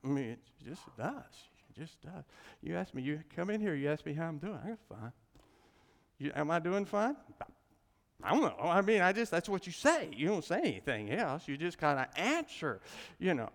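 A man teaching a class in a loose, rambling style, laughing at his own asides. His voice is gravelly and lively, rising and falling a lot. The sound carries a long hall reverb. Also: a little high, normal speed. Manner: rambling, chuckling, folksy asides.

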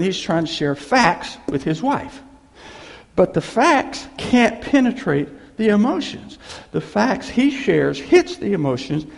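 Guy preaching, gravelly voice, pitch all over the place, echoey hall, repeats himself for effect. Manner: animated storytelling with repeated phrases. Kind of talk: sermon.

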